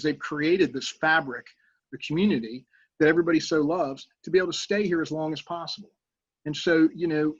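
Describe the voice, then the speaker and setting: A man's voice: a little high, breathy edge, dry recording, dull audio. A middle-aged man making an earnest, persuasive public comment at a town council meeting, talking conversationally with fillers.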